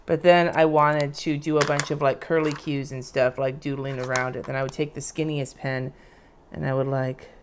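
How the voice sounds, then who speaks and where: This is a woman in her thirties with a bass voice, speaking at normal speed in a level tone while a faint hiss or hum sits underneath. She casually teaches lettering live, drawing and explaining in a chatty, meandering way.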